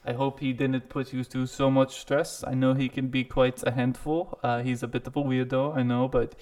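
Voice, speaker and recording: A man's voice: medium pitch, little pitch movement, normal speed, a little mellow, natural voice. A man voicing a gushing, affectionate family friend who chuckles as he praises a rescuer.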